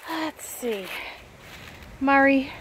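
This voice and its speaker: A woman's voice: sits high, very slow, fairly bright tone, a little hiss or hum. Chatty woman vlogger. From United States. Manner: chatty, self-deprecating, talks to viewers and her pet. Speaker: cross-stitch vlogger. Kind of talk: casual chatty vlog.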